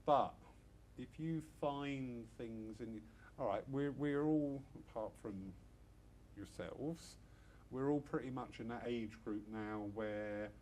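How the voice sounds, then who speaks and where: A man's voice: lowish voice, a little mellow, a little hiss or hum. A middle-aged man giving an informal church talk to a small audience, chatty with self-mocking asides. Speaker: church speaker.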